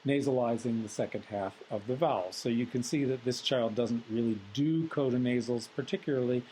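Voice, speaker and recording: Male lecturer, mid-pitched, measured and analytical, recorded lecture delivery with frequent pauses and fillers. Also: darkish tone, slight background noise, low-quality recording.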